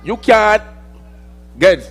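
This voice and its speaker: Bajan guy doing a dramatic spoken word piece, real high voice, goes from shouting to muttering. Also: lively intonation, drawn-out words, soft background music. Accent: Barbadian. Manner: theatrical, swings between loud outbursts and low mutters.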